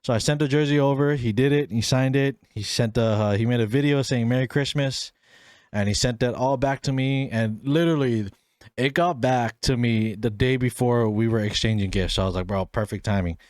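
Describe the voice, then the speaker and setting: A young man in his twenties hosting a solo podcast, telling stories in a casual, animated way and acting out the voices in his quotes. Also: medium pitch, fairly quick, dry recording, studio quality. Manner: animated storyteller, acts out voices in quotes, laughs often. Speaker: podcast host.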